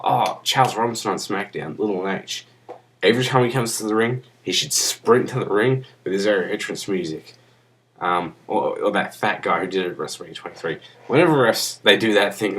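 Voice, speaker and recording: A man's voice: low voice, moderate pace, a bit bright. A young man rambling crudely and profanely into a webcam in a casual vlog, sounding drunk. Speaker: vlogger.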